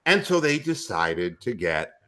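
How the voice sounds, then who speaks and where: A man hosting a sports talk show, ranting loudly and profanely with a comedic bent. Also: fairly low pitch, unhurried. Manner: loud, profane, animated ranting. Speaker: podcast host.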